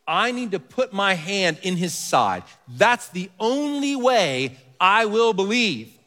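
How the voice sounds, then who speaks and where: A man preaching a sermon as pastor, reading scripture softly and building to earnest emphasis. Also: high-pitched, big pitch swings, takes it slowly. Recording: long hall reverb.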